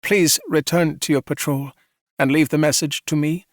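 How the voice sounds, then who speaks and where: A man's voice: a little high, steady tone, normal speed, no room sound, clean studio sound, voice pushed up, natural voice. A man voicing a cold, ruthless woman commanding officer with clipped, commanding speech. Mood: cool. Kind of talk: audiobook character voice.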